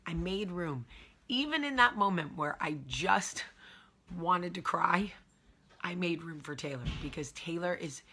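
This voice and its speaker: This show host, a thirtysomething woman with a New Jersey accent, opens up on her personal vlog in an emotional, confessional manner, repeating things for emphasis. She speaks at a measured pace in a fairly low, animated voice that is bright, forceful and slightly rough.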